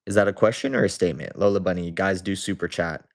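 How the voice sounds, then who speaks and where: A young man with a deep, low voice hosts a casual livestream. He reads viewer comments aloud and answers them in a relaxed, chatty way. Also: quick pace. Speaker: livestream host.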